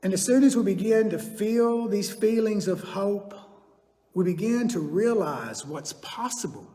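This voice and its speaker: Older man, lay speaker at a church service, folksy and earnest, fairly high voice, roomy sanctuary echo. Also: expressive, unhurried, warm tone. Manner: folksy, earnest, personal storytelling. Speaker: chiropractor giving a church message. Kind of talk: sermon. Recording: echoey sanctuary with long reverb.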